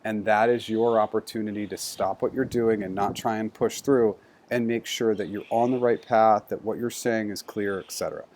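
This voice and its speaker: A man's voice: lowish voice, steady tone, normal speed, few pauses, darkish tone, a little hiss or hum. A man giving a structured, conversational lesson on job interview skills, walking through numbered points. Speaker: career coach. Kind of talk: instructional talk on interview skills.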